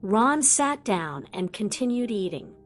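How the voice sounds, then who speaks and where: A woman reads a fan fiction audiobook at a slow, deliberate pace, with a voice of ordinary pitch. Faint music sits underneath her narration. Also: big pitch swings.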